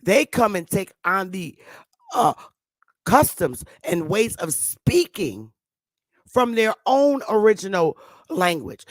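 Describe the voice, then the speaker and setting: A woman's voice: mid-range voice, no echo. A woman with a New York accent giving an emphatic, repetitive casual monologue with frequent swearing. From northern United States. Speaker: commentary host.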